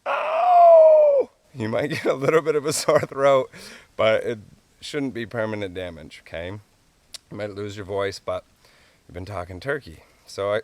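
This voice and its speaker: A man's voice: medium pitch, dry recording. A man teaching a hands-on tutorial on calling wildlife, explaining in an easygoing, folksy way and chuckling often.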